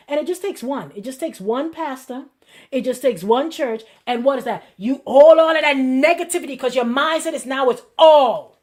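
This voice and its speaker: A woman pastor giving a conversational sermon as host of her show, lively and repetitive, acting out the people she quotes. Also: high voice, normal speed.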